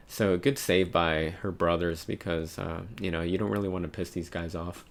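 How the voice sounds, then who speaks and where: Gravelly low-voiced man musing casually. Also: moderate pace, few pauses, slight background noise. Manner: relaxed, musing, reads quotes aloud with light voices. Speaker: manga reader and commentator. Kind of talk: casual read-along commentary.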